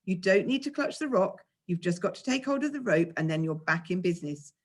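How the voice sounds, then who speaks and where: Kindly climbing coach, male, reassuring and steady, lively intonation; a woman reads him. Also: fairly low pitch, a little fast. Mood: coaxing. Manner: coaxing, reassuring. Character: patient, encouraging male climbing instructor. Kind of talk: reading a children's novel aloud.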